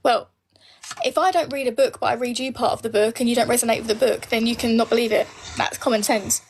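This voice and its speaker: A woman's voice: on the high side, fairly even intonation, quick pace, a little hiss or hum. A woman in her late twenties, bluntly answering viewer comments on a live stream, swearing freely and speaking her mind. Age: late 20s. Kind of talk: casual live Q&A.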